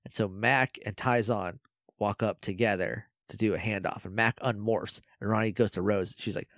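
A man co-hosting a podcast, casually retelling a TV episode in an animated way, peppered with "like" and quick impressions. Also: on the low side, dry recording, clean studio sound. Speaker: podcast co-host. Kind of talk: casual episode recap chat.

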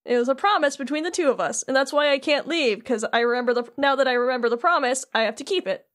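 An earnest teenage boy hero talks with urgent conviction, voiced by a woman close to her own high voice. He sounds determined and sincere. The voice comes from a casual game recap podcast. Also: fast, fairly bright tone.

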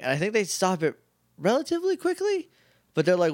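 In a clean studio recording with no echo, a high-pitched man co-hosts a podcast at a moderate pace. He casually recaps a TV episode, staying animated and jokey while acting out the characters' lines.

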